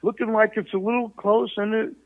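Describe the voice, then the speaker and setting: A man in his sixties from New York, hosting and telling a story casually, swearing freely and shouting exclamations. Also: high-pitched, fairly quick, no room sound. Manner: profane, animated, shouts exclamations. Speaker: host. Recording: tinny phone-line sound.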